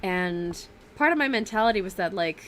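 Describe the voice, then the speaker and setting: A woman chats loosely on a stream, wandering between thoughts with plenty of fillers and quick self-corrections. Her voice sits at a middle pitch. A faint noise hums under the recording. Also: expressive, a bit bright. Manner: rambling, chatty, many fillers and self-corrections; laughs often. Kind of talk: casual livestream chat.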